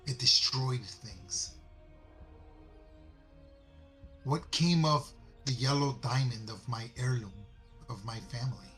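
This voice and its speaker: A man voicing a proud, grieving male dwarven druid who speaks slowly and solemnly in a tabletop game. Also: medium pitch, fairly bright tone, lightly acted.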